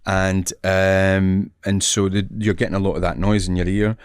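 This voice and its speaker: A middle-aged Scottish man telling stories in casual chat, animated, acting out other people's voices and laughing often. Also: low voice, moderate pace, smooth, dry recording, studio quality. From Scotland. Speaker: actor guest.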